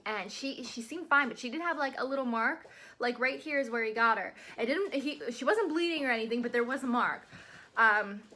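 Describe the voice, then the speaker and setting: Bright, chatty woman vlogger. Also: on the high side, a little fast. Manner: chatty, rambling retelling with quoted dialogue. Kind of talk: casual storytelling vlog. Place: at home with her dogs nearby.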